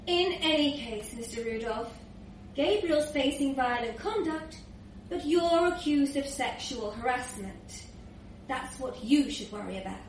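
A woman reading a comic story aloud in a dry, measured lawyerly manner. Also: high-pitched, lively intonation. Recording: echoey room, distant mic, faint hiss.

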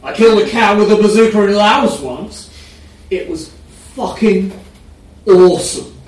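A man reading out a brash young man bragging about violence, loud and crude, at a live story reading. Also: sits high, expressive, measured pace, pitched above the performer's own voice, exaggerated voice. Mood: boastful. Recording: echoey room, mic far off.

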